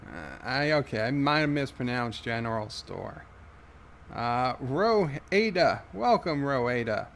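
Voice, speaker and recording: A man hosting a livestream, reading viewer comments aloud in a halting, wry way. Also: mid-range voice, lively intonation, fairly bright tone, slight background noise. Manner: halting, many fillers and restarts, wry. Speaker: livestream host.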